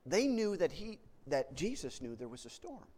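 Male preacher, lively swooping delivery, stumbles and restarts, acts out panicked voices, fairly high voice. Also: moderate pace. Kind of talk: sermon.

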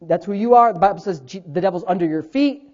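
A man preaching a sermon, quoting scripture and building to loud emphatic points. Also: high voice, quick pace, dull audio. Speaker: pastor.

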